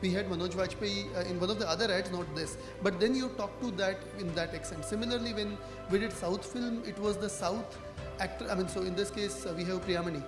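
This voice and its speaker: Speaking a little fast in a high, steady voice, this Indian English-accented marketing panelist talks casually at a conference, often saying "you know" and ending points with "right?" The recording carries the echo of the conference hall and some music.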